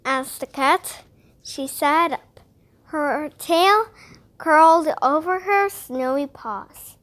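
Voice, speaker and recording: A child reads a storybook aloud in a very high voice. The delivery is careful, steady and slow. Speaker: reader.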